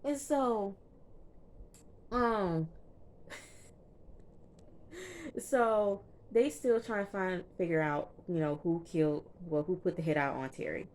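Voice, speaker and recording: A woman's voice: mid-range voice, slow, long pauses, a little mellow. A woman chatting casually through a TV episode recap, emphatic and full of fillers, talking straight to her viewers. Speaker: TV recap vlogger.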